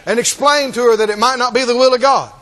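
A man preaching a sermon, laughing often and acting out the scripture scenes in lively voices. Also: very high voice, quick pace, some chatter behind.

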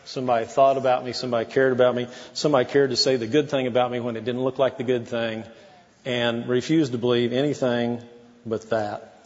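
A man's voice: medium pitch, little pitch movement, a little fast, darkish tone, big-room sound, lo-fi sound. A man preaching a sermon as pastor, in a folksy, conversational way with asides to the congregation.

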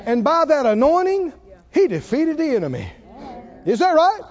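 A preacher with a very high, lively voice delivers a slow sermon, firing rhetorical questions and waiting for answers. The sound is muffled and lo-fi, as from a church recording. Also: male voice. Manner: rhetorical questions, calls for response.

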